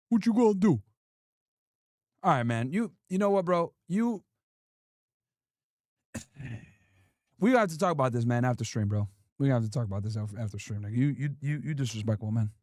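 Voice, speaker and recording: A man's voice: mid-range voice, lively intonation, brisk, pauses often, a little mellow, no echo, clean studio sound. A man hosting a livestream in a casual, slangy style, teasing and playfully scolding in repeated bursts. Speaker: livestream host.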